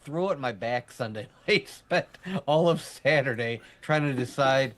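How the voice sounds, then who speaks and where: A man's voice: mid-range voice, moderate pace. A man co-hosting a casual live show, chatty and rambling, laughing often and teasing his partner. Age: adult army veteran. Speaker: co-host. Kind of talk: casual podcast chat.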